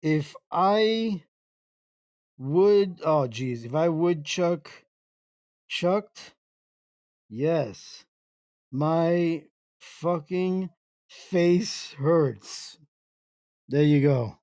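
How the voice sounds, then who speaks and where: A man hosting a casual internet radio show, reading chat messages aloud in a slow, halting way and breaking into laughter. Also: on the high side, a little mellow, no room sound, studio quality.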